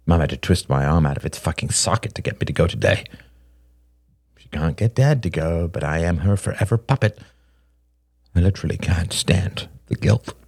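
A man's voice: deep voice, moderate pace, a little mellow, slightly rough, no echo, clean studio sound. A man voicing a numb, bitter man who mutters in a weary, profane way in a storybook reading. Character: bitter, numb grieving man, dark-humored.

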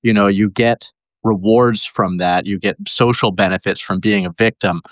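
A man's voice: on the low side, fairly even intonation, moderate pace, no room sound. A man calling in to a talk show, hesitant, with many ums and uhs. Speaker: caller. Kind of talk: call-in conversation.

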